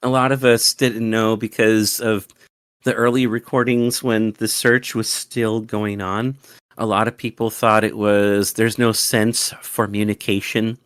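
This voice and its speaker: Eager man reading fan questions, low dry voice. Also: a little slow, clean tone, dry recording. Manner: eager, excitable, stumbling over words. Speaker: fan club host. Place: home studio.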